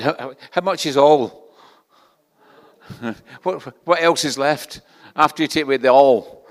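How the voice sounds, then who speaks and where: A man's voice: fairly high pitch, unhurried, pauses often. Older Scottish man preaching in a hall. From Scotland. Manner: conversational, self-deprecating, with frequent restarts. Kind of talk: sermon.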